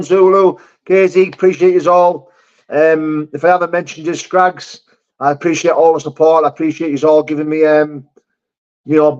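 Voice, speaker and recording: Bloke reading his stream chat, blunt and laddish, slightly dull lo-fi sound. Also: a little high. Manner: blunt, laddish, swears, laughs often. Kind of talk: casual live chat.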